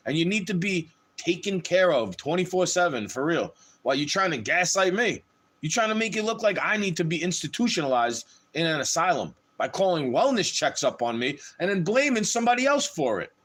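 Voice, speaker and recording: High, lively-voiced man ranting angrily. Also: fairly quick. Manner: heated, profane, ranting. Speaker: livestreamer. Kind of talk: angry livestream rant.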